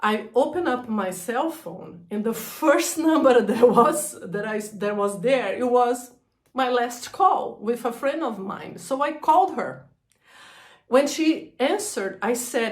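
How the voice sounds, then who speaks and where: A woman telling a personal story about a breakdown, halting and emotional, laughing through hard memories. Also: a little high, lively intonation, echoey room. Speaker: energy healer sharing her story.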